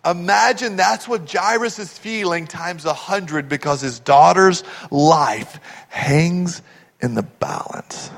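A man from Texas delivers a sermon in a high, bright voice. He tells stories animatedly and keeps asking the congregation questions. His words trail off into the long reverb of a large church hall. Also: takes it slowly, gravelly. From Texas, USA. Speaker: pastor.

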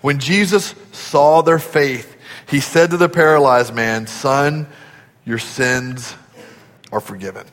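A male pastor preaching a sermon, telling a story in an earnest way and dropping to a soft, low voice for emphasis. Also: slow, big-room sound. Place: church auditorium.

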